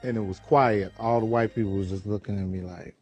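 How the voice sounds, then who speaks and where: A man, a comedian, telling stories in an animated way and mimicking voices. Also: lowish voice, a little fast. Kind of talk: storytelling interview talk. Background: music.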